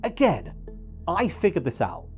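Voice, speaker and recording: A man's voice: a little high, wildly swooping pitch, measured pace, soft background music. A man giving exasperated, swearing video essay commentary as a YouTuber.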